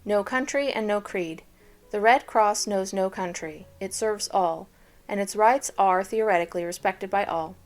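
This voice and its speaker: A woman's voice: medium pitch, moderate pace, soft background music. A woman reading old newspaper articles aloud, then chatting about them in a casual way with fillers, laughs and blunt asides.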